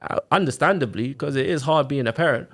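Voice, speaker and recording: A man, telling his own story on a podcast in a casual, animated way, full of quoted back-and-forth and fillers like "like" and "innit". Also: medium pitch, fast. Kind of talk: casual chat, personal story.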